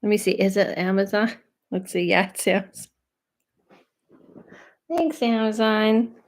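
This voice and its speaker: A woman from Los Angeles, a medium and host of her own live stream, chatting loudly and casually with viewers and reading out their comments. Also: medium pitch, level tone, brisk. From Los Angeles, USA. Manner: loud, chatty, trails off and restarts, laughs often.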